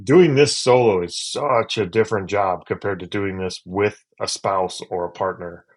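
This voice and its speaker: A man co-hosting a podcast, talking in a relaxed, joking and earnest way. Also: deep voice, moderate pace, breathy edge. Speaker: podcast co-host. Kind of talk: casual chat.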